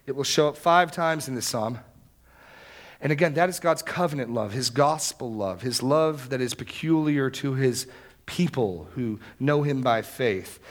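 A man's voice: mid-range voice, measured pace. Man preaching an earnest sermon. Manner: earnest preaching that swells to loud, emphatic exclamations. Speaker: pastor.

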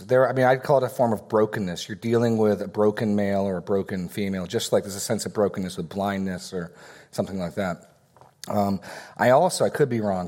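A man's voice: fairly low pitch, darkish tone. A man, a pastor, answering audience questions in a church discussion with firm, conversational speech.

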